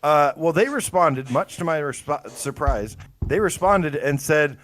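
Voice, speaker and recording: A man's voice: on the high side, animated, a little slow, a bit bright. A man co-hosting a casual gaming podcast, telling stories with lots of fillers and rambling enthusiasm. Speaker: podcast co-host.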